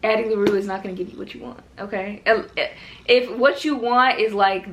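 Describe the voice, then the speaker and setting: A woman's voice: medium pitch, fairly even intonation, fairly quick. A young woman vlogging casually from her car, rambling with lots of fillers. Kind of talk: casual vlog chat. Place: in her car in a parking garage. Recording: noisy car and traffic background.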